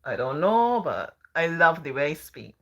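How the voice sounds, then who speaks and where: A woman's voice: sits low, very animated, unhurried, a bit bright, lo-fi sound. A middle-aged woman from Barbados with a Barbadian accent, telling a story in a drawling, sing-song way. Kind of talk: storytelling talk.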